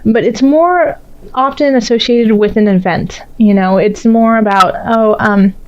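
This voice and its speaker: A woman's voice: a little high, unhurried, darkish tone, clean tone, muffled recording. A woman giving a casual tarot reading, chatty and full of fillers, often laughing as she talks. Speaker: tarot reader.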